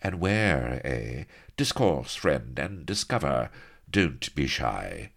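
A man's voice: rumbling low, big pitch swings, slow, creaky, fairly bright tone, exaggerated voice. A man voicing a scheming male pirate who talks silkily and mockingly. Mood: silky. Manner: silky, mocking.

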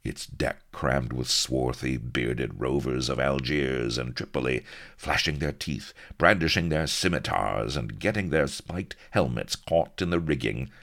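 A man reading a comic swashbuckling tale with a dry, deliberate delivery. His voice sits extremely low with a gravelly rasp, and he takes his time over every phrase. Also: fairly bright tone. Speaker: narrator. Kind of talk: comic audiobook narration.

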